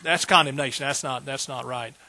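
A man's voice: medium pitch, brisk, pushed and bright. A man preaching a sermon as pastor, folksy and joking, building to emphatic bursts.

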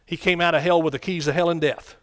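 A man's voice: a little high, fairly even intonation, fast. A man preaching a sermon in a conversational way, often repeating phrases and asking the congregation questions.

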